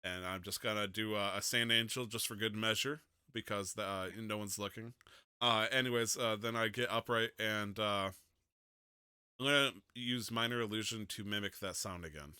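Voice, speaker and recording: Bright, clear-voiced man playing a tabletop game. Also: fairly low pitch, steady tone, normal speed, no echo, clean studio sound. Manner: playful, laughing, shouts in-character lines. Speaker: player.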